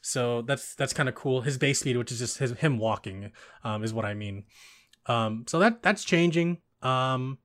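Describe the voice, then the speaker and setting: A young man in casual chat about video games, rambling with many fillers and frequent laughter. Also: mid-range voice.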